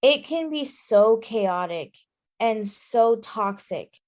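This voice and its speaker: A woman co-hosting a casual book-club podcast, who talks in an emphatic, exclamatory way and is quick to get indignant. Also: a little high, expressive, a little mellow. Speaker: podcast co-host.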